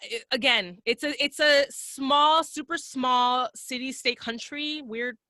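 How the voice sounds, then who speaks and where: A woman's voice: sits high, slow pace, dry recording. A young adult woman, a podcast guest, telling travel stories in casual, profane chat and acting out the voices she quotes. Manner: profane, animated storyteller who acts out quoted voices.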